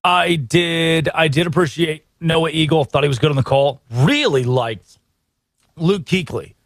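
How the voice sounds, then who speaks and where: Man, American, sports talk host, fairly high pitch, dry close mic, energetic rhetorical delivery. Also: a little slow, dry recording. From United States. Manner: energetic, opinionated, rhetorical questions.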